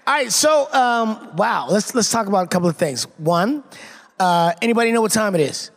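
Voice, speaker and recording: A man in his fifties speaking as a guest at a convention panel, energetic and playful, talking straight to the crowd on a stage mic. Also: high-pitched, normal speed, long reverb tail. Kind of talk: lively convention panel talk. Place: convention stage before a live audience.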